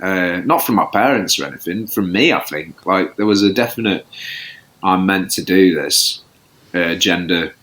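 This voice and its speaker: A man's voice: sits low, moderate pace, fairly bright tone. A man, a podcast guest chatting casually, rambling and self-deprecating with many restarts. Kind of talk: casual chat.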